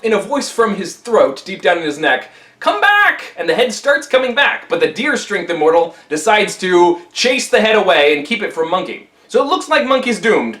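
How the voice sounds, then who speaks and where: A man retelling an old story in a casual, playful, animated way. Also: sits high, roomy sound.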